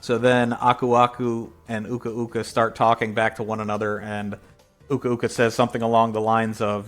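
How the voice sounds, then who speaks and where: A man's voice: on the low side, flat delivery, brisk, a bit bright, faint music behind. A man casually reading a translated comic aloud and narrating its panels, in a loose, rambling way with many fillers. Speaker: reader.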